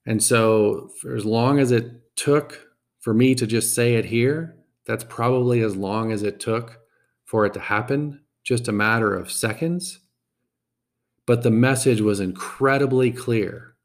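A man hosting a podcast, telling a personal story in a reflective, halting way and often repeating words. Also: mid-range voice.

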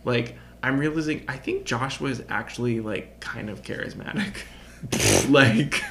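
A man's voice: mid-range voice, a little slow, a bit bright, slight background noise. A young man co-hosting a podcast in casual chat, chatty and easy to laugh, with lots of fillers. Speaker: podcast co-host.

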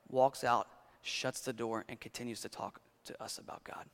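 A male pastor preaching a sermon in a conversational, animated storytelling way, swinging from loud to quiet. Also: mid-range voice, normal speed, creaky. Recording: long hall reverb.

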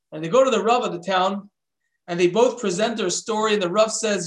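A man telling a religious story in an animated way, switching voices for the characters. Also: high-pitched, fairly quick. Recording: echoey room.

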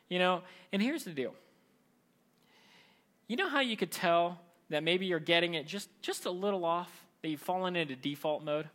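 A man preaching a sermon in a conversational, lively way, often slipping into mimicked voices. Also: high-pitched.

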